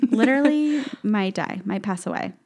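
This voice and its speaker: A woman's voice: medium pitch, animated, unhurried, a little mellow. Young woman, Southern American accent, bubbly, giggly, casual podcast co-host. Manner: bubbly, giggly, repeats herself. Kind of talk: casual chat.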